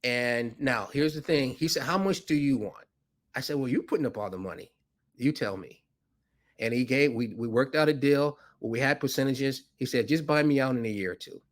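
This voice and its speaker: Animated male storyteller, mid-pitched. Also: normal speed. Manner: acts out dialogue with rising pitch, laughs often. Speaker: podcast guest, financier.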